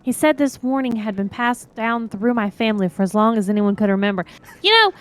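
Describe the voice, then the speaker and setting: Casual woman co-streamer, laughing and swearing, reads dialogue aloud, slightly high voice. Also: expressive, a little fast. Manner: laughing, swears freely, dry retorts. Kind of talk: casual chat and reading game lines.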